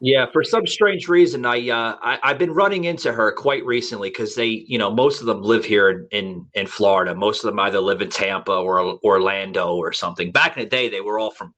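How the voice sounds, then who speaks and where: A man's voice: lowish voice, brisk, hardly any pauses, a bit bright. A man with an American accent hosting a podcast in casual chat, rambling with lots of fillers and restarts. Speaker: podcast host.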